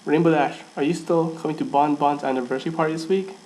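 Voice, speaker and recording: A man's voice: fairly high pitch, fairly even intonation, quick pace, darkish tone, a little hiss or hum, voice pushed up, lightly acted, poor audio. A man voicing a bubbly, party-loving pony mare in a storybook reading. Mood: eager.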